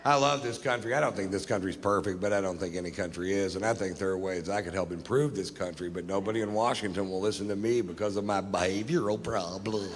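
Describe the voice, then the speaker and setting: A male stand-up comedian telling jokes on stage in a dry, deadpan drawl, with plenty of profanity. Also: low voice, fast, hardly any pauses. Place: theater stage. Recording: live show in a reverberant hall with audience noise. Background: audience laughter.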